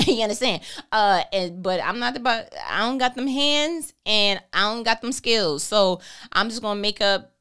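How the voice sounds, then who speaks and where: A woman hosting a casual faith talk in a playful, animated way, laughing often and reading aloud from the Bible. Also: mid-range voice, moderate pace, smooth. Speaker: faith podcast host.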